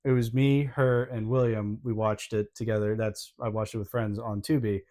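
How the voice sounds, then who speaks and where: A man co-hosting a podcast in casual chat, relaxed and easygoing as he tells anecdotes. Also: lowish voice, moderate pace. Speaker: podcast co-host. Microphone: podcast microphone.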